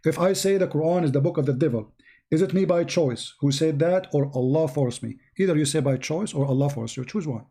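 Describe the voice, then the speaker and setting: A man's voice: fairly high pitch, a little fast, dark tone. A man hosting a heated live-stream debate, insistent and repetitive, his voice wearing out. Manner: insistent, repeats himself. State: losing his voice. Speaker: debate show host. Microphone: computer mic on live stream.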